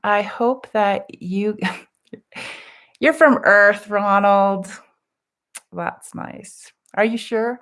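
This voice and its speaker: Slow, gentle woman hosting a live session. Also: medium pitch, fairly even intonation. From California. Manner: gentle, affectionate, reads out viewer comments with soft laughs. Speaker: host of a live spiritual group session. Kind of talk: casual live-stream chat.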